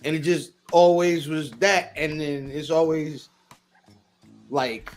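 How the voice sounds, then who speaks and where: Slangy male podcaster, slightly high voice. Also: steady tone, takes it slowly, soft background music. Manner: loose, slangy storytelling with mimicry. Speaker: podcast co-host. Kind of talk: casual chat.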